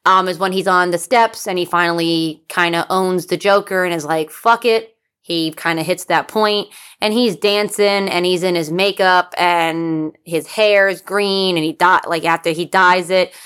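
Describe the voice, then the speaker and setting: A woman co-hosting a casual chat, excitable and swearing freely. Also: lowish voice, moderate pace, clear, resonant tone. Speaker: podcast co-host.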